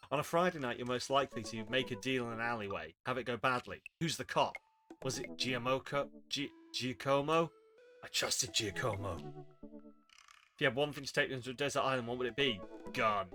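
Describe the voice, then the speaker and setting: A man with a mid-range voice, pushed and bright, streams a game while reading its lines aloud. He adds wry, sarcastic asides in casual commentary.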